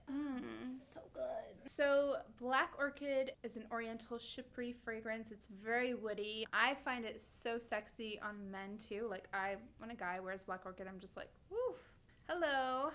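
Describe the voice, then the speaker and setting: Woman in her thirties, fairly high voice, casual vlog chat, gushing, enthusiastic, trips over names. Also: a bit bright. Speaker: beauty vlogger reviewing perfumes.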